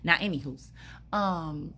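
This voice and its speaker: A spiritual vlogger speaks from a hospital room in a low, slow, pushed and bright voice, with a faint hiss or hum in the background. Her casual storytelling monologue rambles, blunt and profane and packed with fillers.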